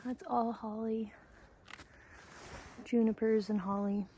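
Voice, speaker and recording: A woman's voice: on the high side, little pitch movement, slow pace, dark tone, a little hiss or hum. Chatty woman vlogging outdoors. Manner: thinking aloud, unsure, chatty. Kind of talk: casual vlog walkthrough. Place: outdoors in a wooded yard.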